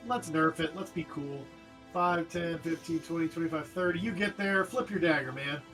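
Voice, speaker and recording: A high-voiced man running a tabletop game, narrating the action in an animated, jokey way. Faint music plays behind him. He describes each moment vividly. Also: normal speed. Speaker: game master. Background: faint background music.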